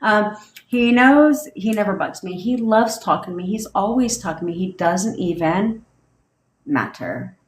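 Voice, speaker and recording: A woman's voice: mid-range voice, lively intonation, a little slow, roomy sound, slight background noise. A woman who coaches manifestation, chatting casually on a livestream and reading out comments, with a lot of swearing, rambling asides and frequent laughter. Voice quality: profane, rambling, laughs often.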